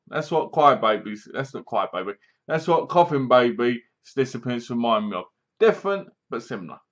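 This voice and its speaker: A man giving a casual, rambling spoken film review, retelling scenes with sound effects and asides. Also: on the high side. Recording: dull lo-fi home recording.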